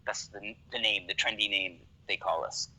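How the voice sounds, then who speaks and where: A man's voice: on the low side, steady tone, normal speed, sharp tone, rough recording. A man from Canada, a podcast guest talking casually, swearing freely and often checking "you know what I mean". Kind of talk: casual conversation.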